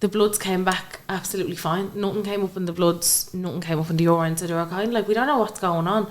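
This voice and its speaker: Fast-talking and steady in tone, this young Irish woman has a lowish voice. She's a podcast guest sharing an emotional personal story in conversation, playing out the quoted dialogue herself.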